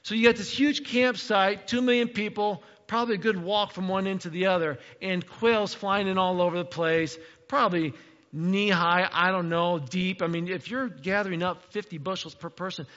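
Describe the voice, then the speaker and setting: A man's voice: high-pitched, normal speed, a bit bright, in a large hall, dull audio. A man preaching a sermon in a conversational, playful way, acting out the quotes. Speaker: pastor.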